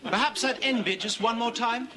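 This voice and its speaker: An actor playing a brisk, courteous country vet with a dry wit. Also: male voice, extremely high pitch, background noise. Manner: crisp, courteous, dryly amused. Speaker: veterinary surgeon.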